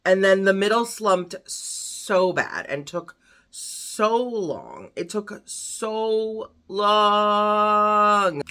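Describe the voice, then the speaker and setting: A woman talking casually through her recent reads as a book vlogger, rambling and animated, with lots of fillers. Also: on the low side. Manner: chatty, rambling, many fillers. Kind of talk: casual book review chat.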